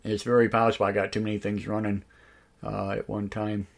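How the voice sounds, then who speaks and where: A man hosting a live online radio show, talking in a halting, casual way with many fillers and restarts, his voice a bit raspy tonight. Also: fairly low pitch, level tone. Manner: slow, drawn-out talk. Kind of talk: casual live-stream talk.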